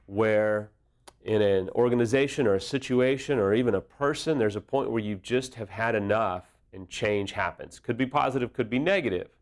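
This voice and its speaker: A man with a clear, resonant, lowish voice speaks as an affair recovery counselor. His advice is earnest, direct and conversational, and he illustrates his points with personal anecdotes.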